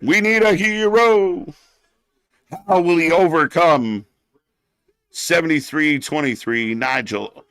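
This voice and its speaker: A man's voice: on the high side, takes it slowly, pauses often, a bit bright, smooth, no room sound. A man hosting a live wrestling watch-along stream, ranting bluntly and sarcastically, swearing often and getting heated.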